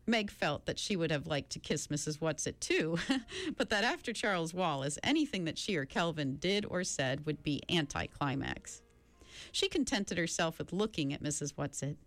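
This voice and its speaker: A woman reading a novel aloud slowly and expressively. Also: low-pitched, no room sound. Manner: slow, expressive storybook reading. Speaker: reader.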